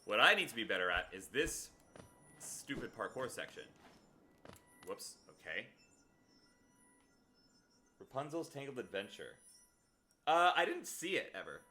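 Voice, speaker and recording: A man's voice: medium pitch, sing-song, measured pace, pauses often, bright, forceful tone. A man streaming a video game live, talking earnestly and directly to his viewers in casual chat. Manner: earnest, talks straight to viewers.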